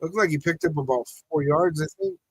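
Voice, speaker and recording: Guy on a watch party stream, kinda husky, little high, dry sound, yelling at bad calls. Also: very animated, fairly quick, no echo, poor audio. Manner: frustrated, reacting to the game, talks to chat. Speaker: podcast host. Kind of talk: live watch-party commentary.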